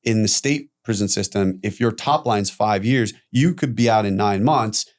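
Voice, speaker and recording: A man guest on a podcast telling his own story candidly, animated, acting out quoted voices and swearing casually. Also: lowish voice, moderate pace.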